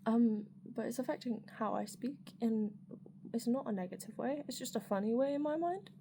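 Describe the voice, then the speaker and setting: A woman's voice: on the high side, normal speed, vocal fry, mellow. Woman, candid rambling vlogger, fillers and casual swearing, faint background hiss. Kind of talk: personal reflective monologue.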